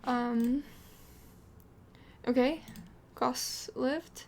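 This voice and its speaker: A young woman talks through her game story in a casual, chatty way, full of fillers and sudden gasps of excitement. Her voice sits fairly high. A faint hiss of background noise runs under the recording. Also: takes it slowly, long pauses. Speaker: Sims gameplay vlogger. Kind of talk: casual gameplay narration.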